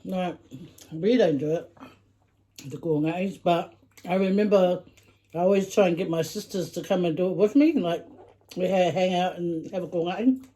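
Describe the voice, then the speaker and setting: A woman's voice: fairly low pitch, normal speed, pauses often, warm tone. A middle-aged woman, chatting casually while eating and humming over her food. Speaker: vlogger eating with her daughter. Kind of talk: casual mukbang chat.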